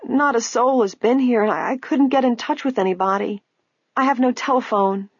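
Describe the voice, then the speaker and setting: Woman narrator doing a quavering old lady, proud and poor; high, husky, dull dry audiobook sound. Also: moderate pace, no room sound.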